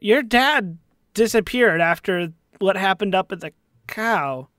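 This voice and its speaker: Male player, high voice, skeptical and jokey. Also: measured pace, a bit bright. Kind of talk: in-character tabletop play.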